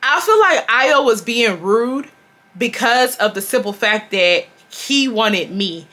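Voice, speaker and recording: A young woman tells a storytime to her viewers in a loose, slangy, dramatic way, calling them y'all again and again. Her voice sits a little high and sounds bright and forceful. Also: expressive, slow. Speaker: storytime vlogger. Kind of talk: casual storytelling to camera.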